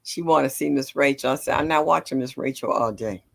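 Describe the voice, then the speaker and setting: Gravelly older woman chatting on a livestream. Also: extremely low pitch, fairly quick, hardly any pauses. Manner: greets viewers by name, chatty and affectionate. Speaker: livestream host. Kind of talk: casual livestream chat.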